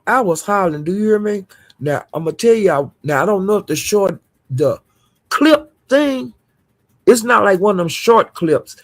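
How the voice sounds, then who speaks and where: A woman's voice: mid-range voice, animated, normal speed. A woman vlogger giving casual gossip commentary to her viewers, blunt, profane and indignant.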